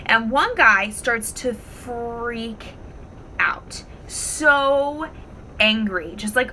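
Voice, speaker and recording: A woman vlogging at home, talking casually to the camera and telling stories in an expressive, animated way. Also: on the high side, takes it slowly, slight background noise, poor audio. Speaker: wellness vlogger. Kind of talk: casual talk to camera with storytelling.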